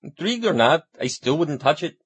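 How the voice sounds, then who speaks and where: A man's voice: on the high side, very animated, brisk, slightly rough. A man voice actor trading dry, wry jokes with his director between takes. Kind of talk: joking banter between takes.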